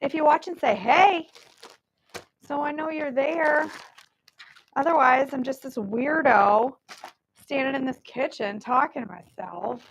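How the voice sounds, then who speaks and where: A woman's voice: sits high, unhurried, gravelly, long pauses, a little hiss or hum. A woman hosting a casual live cooking stream from her home kitchen, chatty and self-deprecating while she fiddles with her mic, over warbly, staticky audio.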